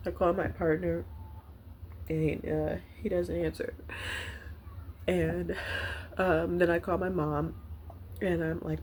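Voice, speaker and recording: A woman vlogger telling a personal story to the camera, candid and halting, with many fillers, at times choked up. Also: lowish voice, level tone, a little mellow, slight background noise. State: choked up, near tears.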